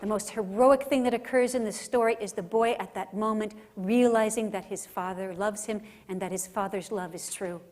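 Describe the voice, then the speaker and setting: Speaking at a conference center, a woman delivers an emphatic religious teaching talk and keeps checking in with listeners by tagging lines with "right?". Her mid-range voice is a little mellow, with fairly even intonation, normal speed and few pauses.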